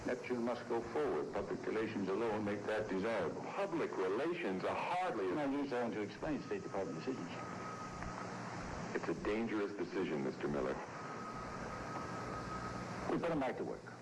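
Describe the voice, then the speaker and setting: Stiff official, formal, clipped, lively pitch, echoey noisy old film audio. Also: male voice, normal speed, long pauses. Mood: tense. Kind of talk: 1970s film dialogue.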